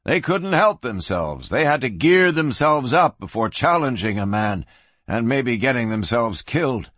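A man narrating a western with a husky, lively voice that rises and falls with the action. He slows down for tense moments and tells the story with drama. Dry, close-miked sound. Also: medium pitch, dry recording. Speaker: audiobook narrator.

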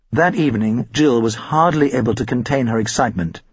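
A man narrating an audiobook in an expressive storytelling manner with a husky voice. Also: mid-range voice, moderate pace, hardly any pauses, no echo, lo-fi sound.

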